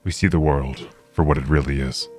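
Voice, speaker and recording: A man playing his character in a tabletop game, speaking in a measured, mock-dignified way. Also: extremely low pitch, fairly even intonation, soft background music. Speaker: player voicing his character. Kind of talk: in-character tabletop role-play.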